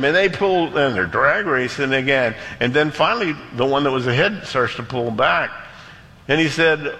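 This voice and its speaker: Animated preacher man in a reverberant hall. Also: mid-range voice, moderate pace. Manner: animated, voicing characters in anecdotes. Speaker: pastor. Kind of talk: sermon storytelling.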